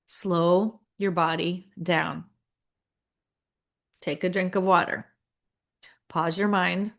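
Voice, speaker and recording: Low-voiced woman coaching school leaders. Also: fairly even intonation, slow, vocal fry, long pauses, fairly bright tone. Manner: conversational, acts out inner voices, lots of fillers.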